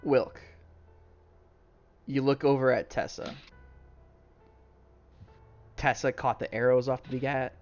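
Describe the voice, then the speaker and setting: A man's voice: mid-range voice, flat delivery, slow, long pauses, soft background music. A man narrating a tabletop game as game master, with loose narration full of "like" and "um". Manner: loose, filler-heavy narration. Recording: dull lo-fi stream audio.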